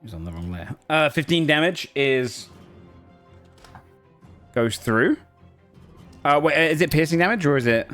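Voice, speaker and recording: A man, running a tabletop role-playing game as game master and calling out rolls and damage in a brisk way. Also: fairly high pitch, sing-song, a bit bright, faint music behind. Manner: brisk, rules-focused calls.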